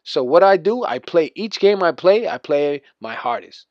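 A man's voice: a little high, expressive, normal speed, darkish tone, no room sound. A man doing a boastful, profane rant as gameplay commentary over a video game. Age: adult. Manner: boastful, profane, trash-talking. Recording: dull lo-fi dry recording.

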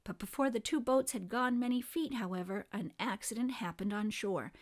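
Female reader, slightly high voice, expressive storybook narration. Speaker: reader of a children's book. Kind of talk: reading a storybook aloud.

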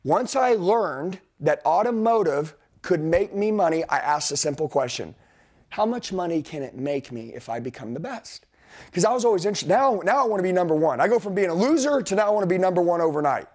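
A man's voice: fairly high pitch, a little mellow. A middle-aged man giving a blunt, intense motivational sales training to a group, talking straight at the room.

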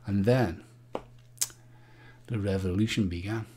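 A man's voice: lowish voice, takes it slowly, mellow, slight background noise. A man hosting a live-stream quiz, chatting playfully and joking with the viewers. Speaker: livestream quiz host.

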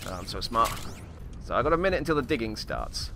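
A man giving joking gameplay commentary in a hammy, put-on Australian accent, with wry, self-mocking deadpan asides. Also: mid-range voice, fast talker, background noise. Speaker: let's play commentator. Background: video game music.

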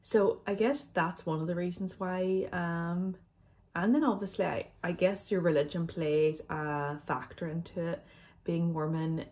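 A young woman talks casually to her viewers, loose and chatty with plenty of ums. Her voice sits a touch low, and she sounds slightly out of breath throughout. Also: a little mellow. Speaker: vlogger. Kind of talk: casual chat answering viewer questions.

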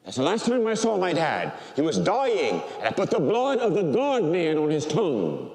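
Older priest preaching in a reverberant church. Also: male voice, fairly high pitch, wildly swooping pitch, moderate pace, few pauses. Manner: emotional storytelling, swinging from loud preaching to quiet, near-tearful speech. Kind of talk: sermon.

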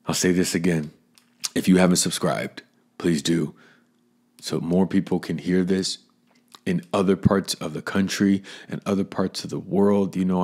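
A middle-aged man from Florida hosting his own podcast. He talks earnestly and emotionally, repeats phrases, and drops to a hush when he is moved. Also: low-pitched. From Florida, USA. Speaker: podcast host and acting coach. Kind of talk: solo podcast monologue.

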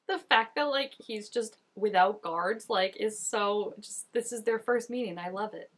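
A woman's voice: medium pitch, takes it slowly, fairly bright tone. A young woman giving casual reaction commentary, chatty and full of "like" fillers. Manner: chatty, filler-heavy with constant "like". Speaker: reaction video host.

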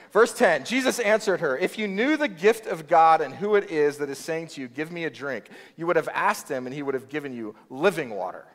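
A male pastor delivers a sermon in a loose, conversational way and acts out the people in his stories. His voice sits a little high and moves up and down a lot. The sound carries a long reverb from a church hall. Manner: conversational, animated storytelling with quoted voices.

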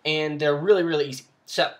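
A man's voice: on the high side, fairly even intonation, a little fast. A young man hosting a casual tabletop role-playing tutorial, talking off camera with lots of ums and restarts. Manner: rambling, with many ums and restarts. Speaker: tabletop game tutorial host. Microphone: voice-over with no face shown.

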